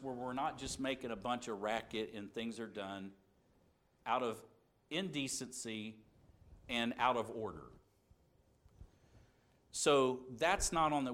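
A man's voice: medium pitch, animated, moderate pace, a bit bright. A man teaching a Bible class, reasoning aloud earnestly and asking rhetorical questions. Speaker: preacher.

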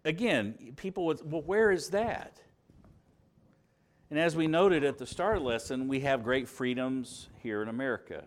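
A man with a Southern US accent preaching a sermon, stressing key words by rising, dropping and slowing down. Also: mid-range voice. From Alabama, US. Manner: emphatic, rises and drops for stress, slows on key words.

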